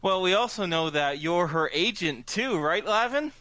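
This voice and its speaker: A man running a tabletop game as game master, relaxed and full of fillers. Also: high-pitched, normal speed.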